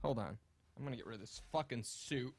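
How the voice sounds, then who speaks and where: A man hosting a comedy podcast, talking crudely and profanely in a rapid, ranting way. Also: mid-range voice, husky, no echo, studio quality. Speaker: podcast host. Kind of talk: casual comedic podcast rant.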